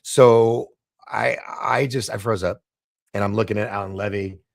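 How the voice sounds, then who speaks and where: A man guest on a podcast, telling a story in a casual, animated way, laughing often and stumbling over his words. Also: on the low side, normal speed, gravelly, dry recording, clean studio sound.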